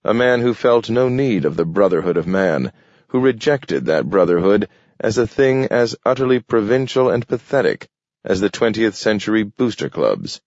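A man reads a story aloud in a steady, measured way, his voice very low and deep. The sound is dry, with no room, and a little muted at the top. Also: no room sound. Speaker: narrator. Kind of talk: scripted audiobook narration. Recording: dull, dry studio read.

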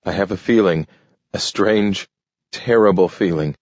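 A man's voice: deep voice, a little slow, dry recording. A man playing a fretful, uneasy middle-aged man in a storybook reading, pleading as he talks. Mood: anxious. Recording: dull, dry lo-fi recording.

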